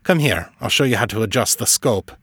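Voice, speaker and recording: A man doing a gruff old wizard master. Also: medium pitch, animated, brisk, fairly bright tone, no echo. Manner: gruff, clipped.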